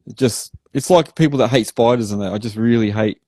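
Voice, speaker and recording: An Australian man hosting a casual chat, telling an animated story and swearing casually. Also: mid-range voice, fairly quick, dry recording, clean studio sound. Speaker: podcast host.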